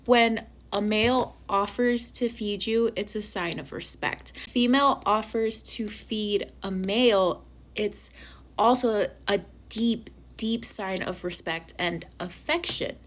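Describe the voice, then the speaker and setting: A woman in a casual review vlog, ranting animatedly and swearing freely. Her voice sits at a middle pitch, and her speech is loose, full of "like" and quick asides. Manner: filler-heavy with frequent "like". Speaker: book reviewer.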